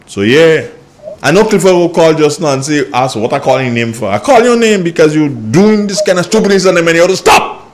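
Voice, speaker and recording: A man's voice: on the high side, expressive, a little fast. A Grenadian man hosting a political radio talk show, scolding listeners and repeating points for emphasis.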